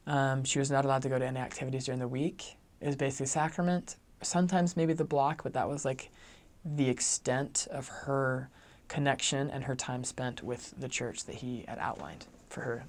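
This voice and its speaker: A man's voice: mid-range voice, normal speed, few pauses. A young adult man, a returned missionary, telling a story in a casual, chatty way and saying "like" a lot. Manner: chatty, heavy use of "like", animated.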